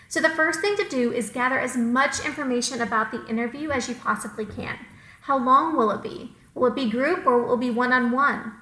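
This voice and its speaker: A woman's voice: high-pitched, pushed and bright, roomy sound, rough recording. A woman co-hosting an advice podcast, upbeat and emphatic, repeating words for stress. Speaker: podcast co-host.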